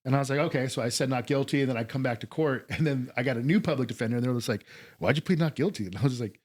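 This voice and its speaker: A man's voice: medium pitch, rapid-fire, darkish tone. A man telling a story as a podcast guest, laid-back and profane, acting out quotes from others. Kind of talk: casual storytelling.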